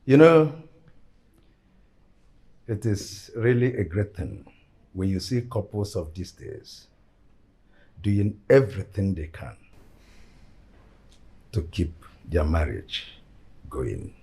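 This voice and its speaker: A Nigerian actor with an older man's voice playing a rich, generous father who speaks in a measured, speechmaking way. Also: deep voice, sing-song, dark tone, slightly rough, heavily acted. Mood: proud. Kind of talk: film drama acting.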